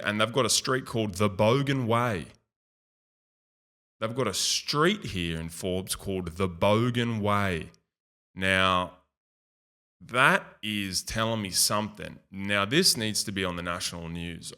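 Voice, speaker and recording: A man's voice: on the low side, unhurried, bright, forceful tone. An Australian man hosting a video, giving casual, rambling commentary and often repeating himself. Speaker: video host. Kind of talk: casual commentary over a screen tour.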